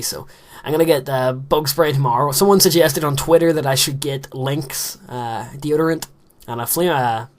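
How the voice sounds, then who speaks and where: A teenage boy with a Northern Irish accent, rambling in casual chat while commentating his own game play. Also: medium pitch. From Northern Ireland. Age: teens. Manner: rambling, chatty, many fillers. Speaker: let's play host.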